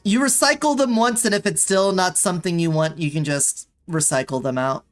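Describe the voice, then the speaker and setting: A woman's voice: fairly low pitch, a little fast, faint music behind. A woman streaming a video game, chatting casually with viewers and pleading in exasperation with the game. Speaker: VTuber streamer. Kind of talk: casual gameplay streaming chat.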